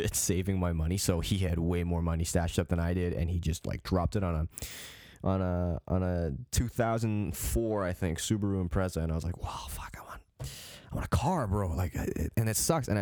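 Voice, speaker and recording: A man's voice: low-pitched, a little mellow, no echo, studio quality. A young man in his late teens from Canada, hosting a podcast and telling a story in a casual, rambling way, with frequent swearing, restarts and fillers. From Calgary, Canada. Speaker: podcast host.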